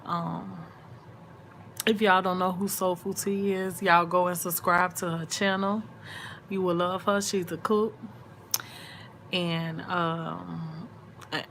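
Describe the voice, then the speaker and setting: A woman's voice: on the low side, a bit bright, a little hiss or hum. A woman, sleepy and chatty, talking casually to viewers in a late-night live chat. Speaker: vlog host.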